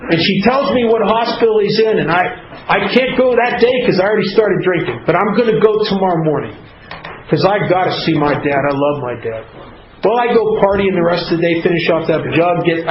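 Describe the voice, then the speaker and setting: A man telling his own recovery story to a group, in an earnest, confessional way. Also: a little high. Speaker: recovery speaker. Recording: echoey, muffled, noisy hall recording.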